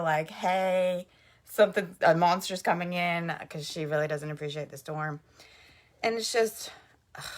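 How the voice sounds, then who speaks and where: A woman's voice: on the low side, fairly bright tone. A woman, chatting casually to camera at home as a mother vlogging, laughing and full of "like". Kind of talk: casual vlog chat to camera. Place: at home, indoors.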